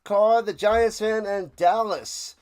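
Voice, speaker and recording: A man streaming a live watch-along, rambling between plays and shouting out big plays. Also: high voice, takes it slowly. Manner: rambling chatter with sudden shouted play calls.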